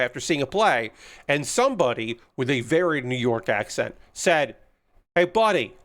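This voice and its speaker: A man's voice: a little high, fairly bright tone. A man hosting a live stream, telling rambling stories with plenty of ums and uhs. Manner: rambling, anecdotal, frequent fillers. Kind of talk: casual storytelling on a live stream.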